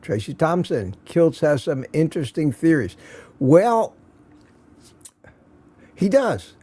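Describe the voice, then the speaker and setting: On a relaxed morning stream from his home studio, a man with a higher, mellow voice and a breathy edge speaks slowly but with lots of animation. He's jokey and talkative, calling out viewers by name and reading their comments aloud.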